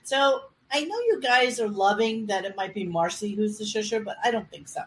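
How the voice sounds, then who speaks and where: A woman's voice: medium pitch, moderate pace, slight background noise, rough recording. A woman co-hosting a casual comedy podcast, talking in an exasperated way and laughing easily. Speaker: podcast co-host.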